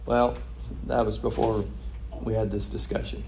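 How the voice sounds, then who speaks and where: A man preaching a sermon in a lively way, chuckling and mimicking the voices of the crowd he describes. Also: mid-range voice, moderate pace.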